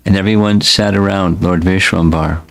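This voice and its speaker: A man who is a spiritual teacher, reading scripture aloud in a slow, deliberate, devotional way. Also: sits low, fairly even intonation, creaky, rough recording.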